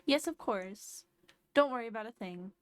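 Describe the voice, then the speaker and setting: A woman's voice: a little high, expressive, normal speed, clean tone, dry recording, lightly acted. A woman voicing a polite, businesslike male raccoon shopkeeper from a video game, reading his on-screen lines aloud in a plain, courteous way. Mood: reassuring.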